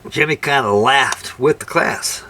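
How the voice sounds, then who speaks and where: Slight background noise sits under a medium-pitched voice that is pushed, bright, and a little slow. The older model builder tells loose, folksy stories as he works, phrasing them in ungrammatical ways.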